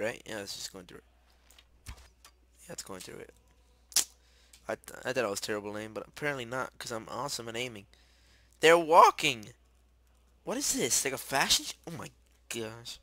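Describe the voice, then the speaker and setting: A young man giving rambling, excitable commentary while playing a video game. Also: medium pitch, a little fast, pauses often. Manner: chatty, rambling, excitable, shouts when startled. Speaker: gamer. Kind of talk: casual gameplay commentary.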